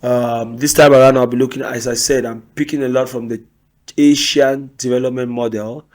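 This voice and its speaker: A man with a husky voice from a cold, hosting a casual reaction commentary. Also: mid-range voice, steady tone, normal speed, darkish tone. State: has a cold. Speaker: video host reacting to clips.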